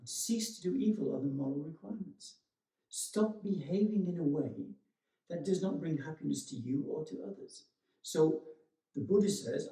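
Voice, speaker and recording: A meditation teacher speaks gently and reflectively, with frequent pauses and restarts. His voice sits a little higher than most men's yet sounds mellow and relaxed. He is heard from a distance in a roomy, echoey space. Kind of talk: dharma talk. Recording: echoey room, voice from far off.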